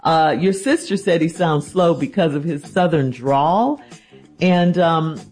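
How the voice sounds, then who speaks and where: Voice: mid-range voice, a little slow, darkish tone, breathy edge, faint music behind. An advice host who reads a listener's letter, then answers with teasing disbelief. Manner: teasing, incredulous.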